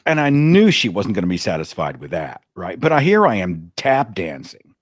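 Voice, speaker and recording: Brief: low-voiced man, lively storyteller, dry close sound. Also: normal speed, no echo. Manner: animated, dramatic retelling. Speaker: podcast host, guest. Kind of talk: anecdotal storytelling.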